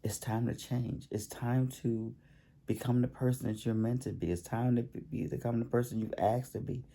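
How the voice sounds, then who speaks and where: A man giving a spiritual healing talk to the camera, halting and repeating himself, often pausing to excuse himself and yawn. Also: medium pitch, steady tone, vocal fry, warm tone. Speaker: self-help channel host.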